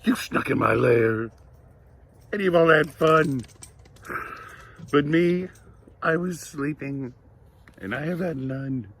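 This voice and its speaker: A man's voice: fairly high pitch, slow, creaky, pauses often, a bit bright, slightly rough, pitched above the performer's own voice, heavily acted. A man voicing a grumpy bear woken from sleep and complaining, in a picture book read-aloud. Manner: complaining, sulky.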